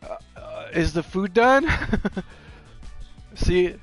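High-voiced excitable young man gaming. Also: extremely slow, faint music behind. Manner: excitable, swears, shouts and laughs at wins. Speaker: gaming channel host. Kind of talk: live gameplay commentary.

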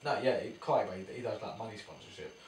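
A man's voice: lowish voice, quick pace, darkish tone, a little hiss or hum. A man chatting casually as a boxer guest, in laid-back, slangy banter. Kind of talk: casual chat. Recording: echoey room, mic at a distance.

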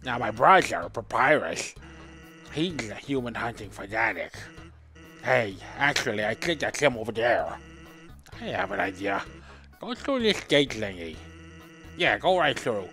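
A man's voice: mid-range voice, a little slow, long pauses, soft background music, voice pushed down, heavily acted. Sans, a man doing a lazy joking skeleton. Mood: easygoing. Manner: relaxed, joking, easygoing.

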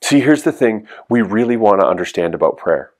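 A man with a fairly low voice preaches to a youth group. He speaks in an earnest, encouraging way and keeps coming back to his key phrases. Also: animated, fairly quick, darkish tone. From Canada. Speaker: youth pastor. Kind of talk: youth sermon.

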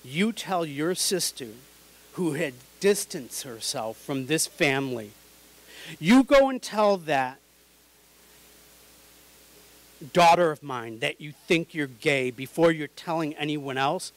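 A woman's voice: deep voice, animated, slow pace, dry recording, full character voice, poor audio. A man voicing his older mother, loving but in denial, insistent and pleading. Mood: upset.

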